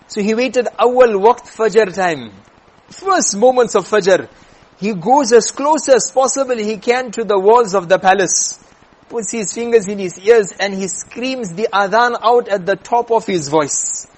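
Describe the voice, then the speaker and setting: A man preaching, telling a story in an animated way and acting out the characters. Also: high-pitched, a little slow. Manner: animated storyteller, acts out voices. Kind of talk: sermon storytelling.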